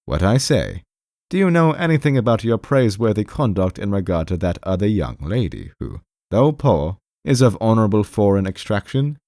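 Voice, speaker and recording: A stern male official reproves a subordinate in a low, emphatic voice, as a male audiobook reader puts him on. He speaks curtly, with a dry, close sound. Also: big pitch swings, normal speed, a little mellow, no room sound.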